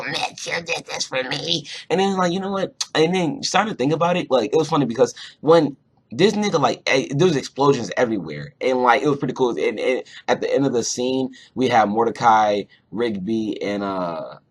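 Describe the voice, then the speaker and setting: A young man rambling through a casual episode review, swearing often and leaning on fillers like "you know" and "whatnot". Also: medium pitch. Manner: rambling, profane, lots of fillers. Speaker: cartoon reviewer.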